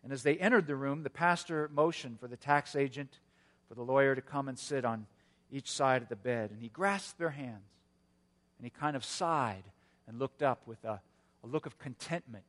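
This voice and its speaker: A male pastor giving a sermon in an earnest storytelling manner, with a touch of gentle humor. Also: mid-range voice, normal speed, in a large hall.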